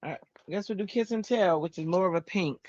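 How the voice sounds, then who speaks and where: A woman hosting a crafting stream, chatting casually and telling stories in an animated way while she works. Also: lowish voice, quick pace, dry recording, lo-fi sound. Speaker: crafting channel host.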